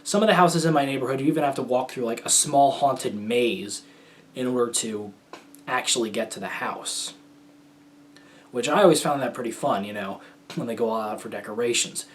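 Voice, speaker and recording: A young American man hosts his own talk show and tells stories in a loose, rambling way. He hesitates and restarts his sentences often, his pitch sits in the middle range, and his tone stays casual. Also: normal speed. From United States. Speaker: host. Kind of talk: casual solo storytelling.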